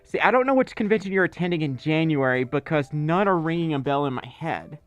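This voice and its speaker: Brisk and animated, a man with a fairly high voice hosts a laid-back livestream, heard through lo-fi sound. He reads viewer messages aloud and rambles on with plenty of fillers and side remarks.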